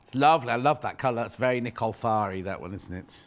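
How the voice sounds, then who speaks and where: A man's voice: mid-range voice, quick pace. A man presenting on a live shopping channel, chatting playfully, teasing his co-host and reading out fabric prices. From United Kingdom. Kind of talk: live TV sales chat. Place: TV studio. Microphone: clip-on mic.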